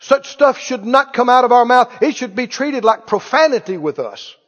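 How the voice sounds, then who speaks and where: A male pastor preaching a sermon, animated, putting questions to the congregation and drawing responses. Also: very high-pitched, normal speed. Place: church sanctuary. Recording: muffled, reverberant church hall.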